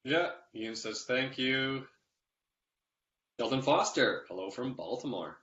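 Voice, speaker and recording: A man's voice: mid-range voice, expressive, slow pace, sharp tone. A man co-hosting a live stream, reading viewer comments aloud and answering with short agreements. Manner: brief affirmations, reads out comments. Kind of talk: casual chat on a live stream. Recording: roomy, muffled call audio with hiss.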